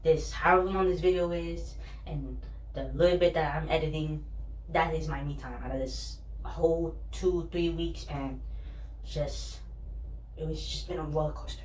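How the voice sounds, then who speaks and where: A woman's voice: sits low, fairly even intonation, normal speed, a little mellow. A young woman and student telling candid, rambling personal stories in a vlog, laughing at herself. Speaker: vlogger, student. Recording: roomy, distant, faint hum.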